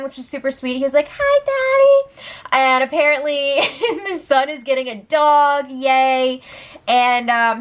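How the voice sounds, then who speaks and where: A woman's voice: high voice, fairly bright tone. A young woman hosting a casual recap show, chatty and giggly, with lots of fillers. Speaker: host recapping a reality show.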